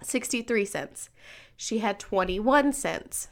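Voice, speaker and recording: Telling a personal story in casual conversation, this podcast co-host, a woman in her thirties, speaks slowly at a medium pitch with lively intonation. She acts out the voices she quotes.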